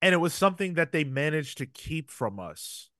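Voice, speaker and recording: Animated male podcast host, dry sound. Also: on the high side, normal speed, no echo. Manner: animated retelling with acted-out quotes. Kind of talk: casual comic book review chat.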